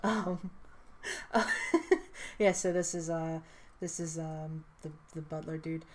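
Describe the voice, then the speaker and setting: Laid-back, low-voiced woman chatting. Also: slow. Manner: rambling, swears freely, laughs often. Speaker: character creator presenting her character. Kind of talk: casual chat.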